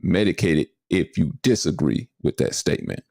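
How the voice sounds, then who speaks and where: Male podcast host, very deep, gravelly, drawling. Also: lively intonation, moderate pace, darkish tone, dry recording, studio quality. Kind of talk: casual chat.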